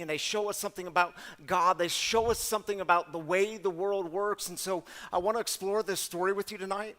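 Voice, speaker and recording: A man serving as guest storyteller, delivering a sermon-style story in an animated, conversational way and speaking directly to the audience. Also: high-pitched, in a large hall.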